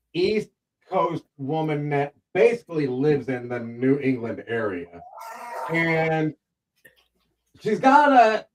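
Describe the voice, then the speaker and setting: A man's voice: fairly high pitch, a little mellow, poor audio. A man hosting a casual talk show, playful and teasing as he introduces his guests. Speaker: host.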